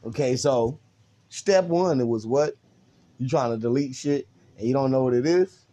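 A man's voice: medium pitch, normal speed, mellow. A young man hosting a casual podcast, teasing and laughing often while swearing freely. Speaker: podcast host. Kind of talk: casual profane podcast chat.

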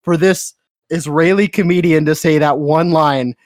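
Male podcast co-host, slightly high voice, dry close sound, wry and sarcastic, laughs a lot. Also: a little slow, darkish tone, no room sound. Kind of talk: casual chat reviewing a movie.

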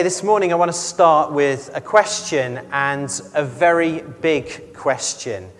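A man preaching a conversational sermon in a measured way, often putting questions to the congregation. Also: on the high side, fairly bright tone, long reverb tail. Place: church.

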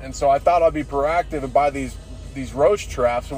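Tipsy from drinking beers, a podcast host rambles through a casual monologue, swearing freely and saying "dude" constantly. His medium-pitched voice is a little mellow at a moderate pace, with soft music behind him.

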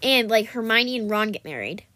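A woman's voice: on the high side, animated, normal speed, bright, forceful tone. A woman co-hosting a podcast in casual chat, hesitant, often trailing off with fillers. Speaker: podcast co-host.

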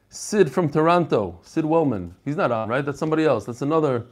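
A man with a fairly high voice leads a relaxed class. He chats and jokes, reads out messages from listeners, then moves on to the text. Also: brisk, hardly any pauses. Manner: chatty, joking, reads messages aloud. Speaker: rabbi teaching a Talmud class. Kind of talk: casual lesson with reading of emails.

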